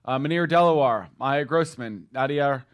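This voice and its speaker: A man's voice: medium pitch, normal speed. A man co-hosting a live company sales meeting from a studio, reading names and thanking agents in a friendly, enthusiastic way. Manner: friendly and enthusiastic, laughs easily.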